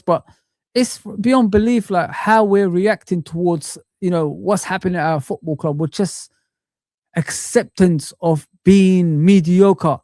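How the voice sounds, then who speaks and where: Ranting football fan streamer, dry mic. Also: male voice, high voice, darkish tone, no echo. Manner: frustrated, ranting, calls viewers guys and man. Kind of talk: live-stream rant.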